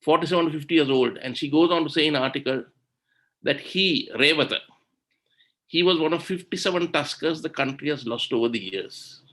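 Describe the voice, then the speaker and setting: Sri guy on a webinar call, kinda high voice, indignant, lots of rhetorical questions. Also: fairly quick, a bit bright. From Sri Lanka. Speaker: webinar speaker on environmental law. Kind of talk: impassioned webinar talk.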